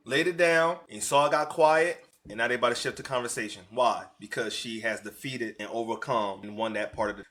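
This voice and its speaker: Emphatic bright-voiced male commentator. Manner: preachy, emphatic, swings between loud bursts and low asides. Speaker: commentator reacting to clips. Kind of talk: reaction commentary.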